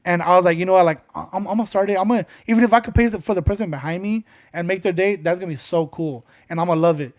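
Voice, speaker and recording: A man's voice: high voice, very fast, hardly any pauses. A young man co-hosting a casual podcast, telling rambling stories with lots of swearing and acted-out quotes. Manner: rambling storyteller, swears often, acts out quotes. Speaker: podcast co-host.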